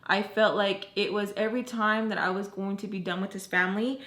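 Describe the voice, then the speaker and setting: A young woman telling a personal story in a casual, chatty way, full of "like", with animated retelling. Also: mid-range voice, brisk. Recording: roomy echo.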